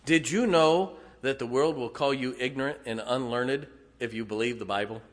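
A middle-aged man preaching in a folksy, animated way, with plenty of asides to the congregation. His voice sits at an ordinary pitch. The sound carries a long hall reverb, as in a church sanctuary. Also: moderate pace. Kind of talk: sermon.

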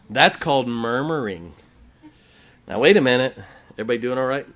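Lively pastor preaching. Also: male voice, medium pitch, fairly quick. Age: middle-aged. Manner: lively preaching with crowd call-and-response and jokes. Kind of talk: sermon.

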